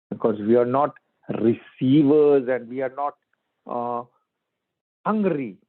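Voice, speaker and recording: A man's voice: mid-range voice, gravelly. Male spiritual teacher, mid-range voice, short choppy phrasing, thin phone-quality sound, no room echo. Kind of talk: spiritual talk. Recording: dry phone-like line.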